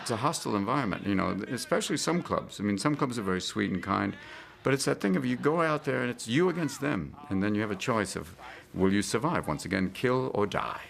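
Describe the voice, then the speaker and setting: A comedian being interviewed, talking loosely and slipping into quick voice impressions. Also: male voice, fairly low pitch, lively intonation, creaky, fairly bright tone. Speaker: comedian guest. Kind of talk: interview chat.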